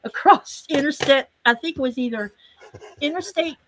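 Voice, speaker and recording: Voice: high-pitched, moderate pace, a bit bright, slight background noise. A speaker in a casual chat who chimes in with short agreements and recollections.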